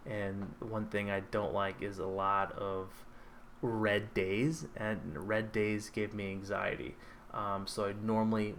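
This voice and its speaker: A man's voice: fairly low pitch, fairly bright tone, slight background noise. A man hosting a livestream, chatting casually and answering viewer questions, hesitant with many ums and restarts. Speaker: stock trading livestream host.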